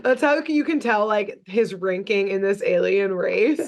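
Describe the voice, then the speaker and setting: A woman's voice: mid-range voice, a little slow, creaky. A woman co-hosting a podcast, riffing playful jokes in casual chat about a cartoon. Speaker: podcast co-host.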